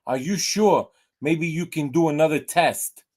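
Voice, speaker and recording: A man's voice: fairly high pitch, unhurried, a little mellow. A man voicing a distraught woman pet owner in a joke, pleading in a raised, panicky voice. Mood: panicked.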